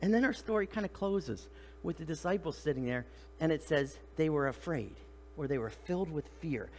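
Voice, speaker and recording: A man's voice: a little high, normal speed, big-room sound, slight background noise. A middle-aged man preaching a sermon in a church. He talks in a conversational way, asks the congregation questions and acts out the voices of the people in the story. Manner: animated, acts out voices of the disciples and Jesus. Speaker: pastor. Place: church sanctuary.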